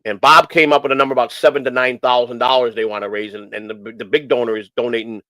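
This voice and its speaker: A man's voice: mid-range voice, fairly even intonation, fast, pushed and bright, dry recording, low-quality recording. Rambling, earnest man talking. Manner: rambling, repeats phrases, many restarts; earnest and emotional. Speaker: host of a morning stream show. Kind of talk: casual rambling talk.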